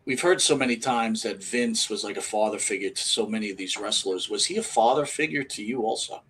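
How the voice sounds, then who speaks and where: A man's voice: on the low side, brisk, fairly bright tone, slightly rough, rough recording. A man hosting an interview, eagerly prompting his guest to tell the story. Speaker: host. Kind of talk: interview questions.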